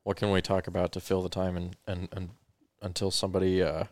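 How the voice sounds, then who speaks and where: A man with a notably low voice talks casually as co-host of a live stream. He explains things patiently and teases his partner. The recording is close and dry. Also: completely flat delivery, fairly quick, darkish tone, no echo. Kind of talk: casual chat.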